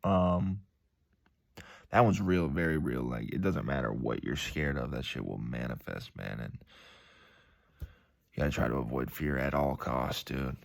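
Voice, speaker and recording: Laid-back deep-voiced man rambling casually. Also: creaky. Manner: laid-back, calls the listener dude and man, mimics angry voices in stories.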